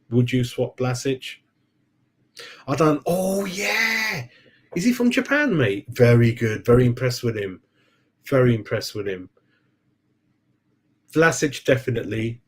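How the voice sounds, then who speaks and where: A man's voice: mid-range voice, moderate pace, pauses often, darkish tone. A man hosting a casual football fan live stream, rambling and chatty, calling viewers "mate" and forgetting names. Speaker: football fan channel host.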